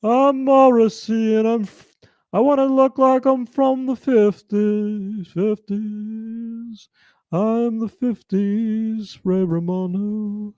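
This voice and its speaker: A man's voice: fairly even intonation, a little mellow, no room sound, lo-fi sound. A man doing a throaty British crooner impression. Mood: mock-crooning. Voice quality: high throaty croon, drawn-out words.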